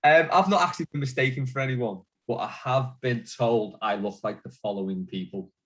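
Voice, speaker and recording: A man's voice: medium pitch, brisk, a bit bright. A man hosting a casual chat podcast, joking and bantering with his co-hosts. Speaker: podcast host.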